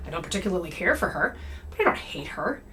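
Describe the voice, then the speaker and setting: A woman's voice: on the low side, big pitch swings, fast talker, pushed and bright, a little hiss or hum. A young adult woman giving a casual monologue about comedy and parody, talking conversationally and often checking in with "okay?" and "right?". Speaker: comedy creator and anti-MLM commentator.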